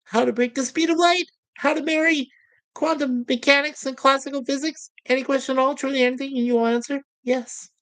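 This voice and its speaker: A woman voicing a chirpy, pushy male toaster obsessed with bread, in a cheery sing-song pitching manner as she reads out sitcom scenes. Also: fairly even intonation, brisk, fairly bright tone, no room sound. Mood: wheedling.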